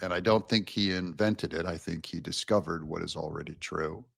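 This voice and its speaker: A man's voice: low voice, fairly even intonation, normal speed, vocal fry, husky, no room sound, clean studio sound. A man on a podcast, musing reflectively about a book's ideas. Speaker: podcast guest. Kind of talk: casual book discussion.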